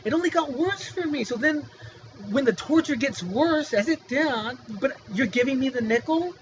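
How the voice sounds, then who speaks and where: A man with a strikingly high voice speaks in a casual vlog monologue, agitated and pressing one pointed question after another. The recording is muffled and lo-fi, with a faint hiss underneath. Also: lively intonation, normal speed. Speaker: whistleblower telling his story.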